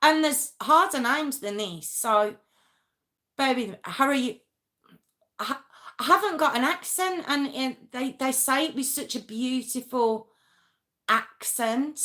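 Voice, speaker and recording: A woman's voice: high-pitched, lively intonation, unhurried, pauses often, pushed and bright. A woman hosting a true crime live stream, chatting casually and rambling, often breaking off mid-sentence and answering her viewers. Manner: rambling, chatty, self-interrupting; talks straight to viewers, reacting to chat.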